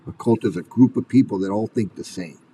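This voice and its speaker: A man's voice: on the low side, brisk, warm tone, husky, recorded from a distance, poor audio. A man delivering an angry commentary rant, swearing and firing off furious rhetorical questions. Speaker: commentary video host.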